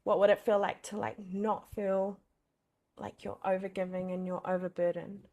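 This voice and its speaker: A woman's voice: mid-range voice, little pitch movement, normal speed, a little mellow. A young adult woman coaching in a loose, conversational way. She peppers her talk with fillers and curses freely. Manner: chatty, swears freely, many fillers like "like". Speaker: boundaries coach. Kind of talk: casual masterclass talk.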